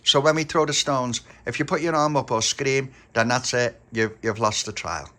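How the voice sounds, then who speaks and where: A man's voice: mid-range voice, normal speed, fairly bright tone, natural voice. A man voicing a bossy young boy who leads a gang and lays down the rules.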